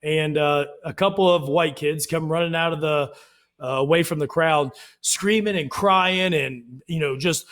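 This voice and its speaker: A man talks in a casual podcast chat, his voice sitting a little high. He tells stories loosely and with plenty of filler, jumping into acted-out quotes in raised voices. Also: measured pace. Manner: animated storyteller, acts out quotes in raised voices. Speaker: podcast co-host.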